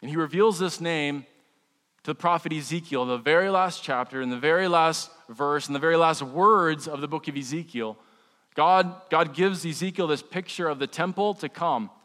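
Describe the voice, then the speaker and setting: Preaching at a moderate pace, a man with a slightly high voice gives a sermon in a relaxed, joking way, often restarting his sentences. He is a pastor addressing his congregation, and his voice rings with long reverb as if in a large sanctuary.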